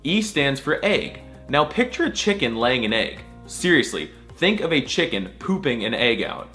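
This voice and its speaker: Man, comedic alphabet lesson, lively swooping pitch, exaggerated mock-serious delivery, faint background music. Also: moderate pace. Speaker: comedy language tutor.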